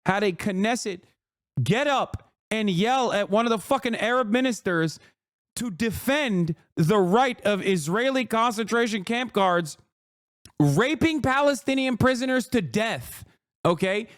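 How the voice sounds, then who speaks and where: Male streamer, heated profane ranter, higher-pitched voice, dry close sound. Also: animated, a little slow, no echo. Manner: profane, heated ranting with sarcastic mockery. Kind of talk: live stream commentary.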